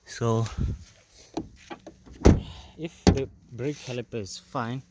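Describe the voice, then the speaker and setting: A man hosting a casual car repair video, explaining step by step in a halting way and repeating words as he works on a jacked-up car. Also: mid-range voice, steady tone, very noisy. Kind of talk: casual how-to demonstration.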